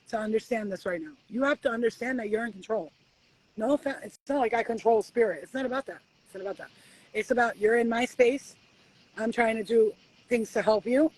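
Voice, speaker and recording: A woman giving spiritual readings at home in a casual live-stream chat, animated and swearing freely as she acts out conversations with spirits. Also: mid-range voice, breathy edge, low-quality recording. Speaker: spiritual reader.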